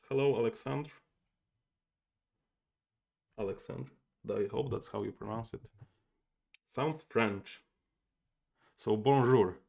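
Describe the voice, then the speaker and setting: A young man talks himself through his moves as he plays a board game live, stopping now and then to greet viewers. His voice sits low and has a gravelly edge, and he keeps things loose and chatty. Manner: thinking aloud, chatting with viewers. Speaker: game streamer. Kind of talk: casual livestream commentary.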